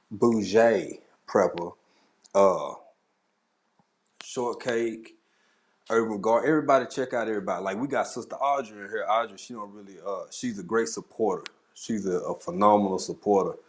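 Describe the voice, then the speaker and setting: A man hosting a casual livestream, greeting viewers in the chat one by one in a laid-back way. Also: fairly low pitch. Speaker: livestream host. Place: home at a camera.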